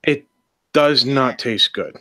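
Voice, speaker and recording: A man's voice: mid-range voice, takes it slowly, sharp tone, no echo. A man co-hosting a casual podcast, throwing in dry wisecracks. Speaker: podcast co-host. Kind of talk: casual chat.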